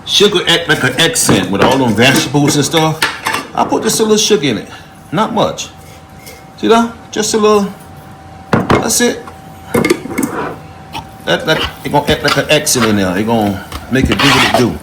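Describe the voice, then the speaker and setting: A man's voice: on the high side, very animated, normal speed, pauses often. A man hosting a casual home cooking video, talking folksy and playful to the viewer while he works in his kitchen. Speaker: home cook and channel host. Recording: loud kitchen noise behind voice. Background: sizzling frying and clattering pots.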